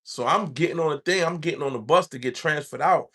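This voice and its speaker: A man's voice: fairly high pitch, fast, sharp tone. A man, telling his own story in loose street slang. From New York. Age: 40s. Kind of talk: casual storytelling.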